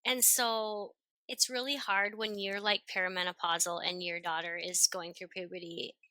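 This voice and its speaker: A woman in her forties, a podcast guest, talking loudly and expressively in casual conversation. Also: medium pitch, dry recording, low-quality recording. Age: 40s. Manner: loud, expressive, talks fast and openly.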